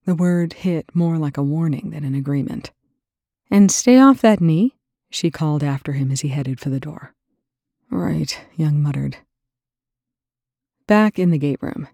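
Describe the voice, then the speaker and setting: A woman with a gravelly, husky voice reading a story aloud as narrator. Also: deep voice, fairly even intonation, moderate pace, mellow, no room sound, studio quality. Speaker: audiobook narrator. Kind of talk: reading fan fiction aloud.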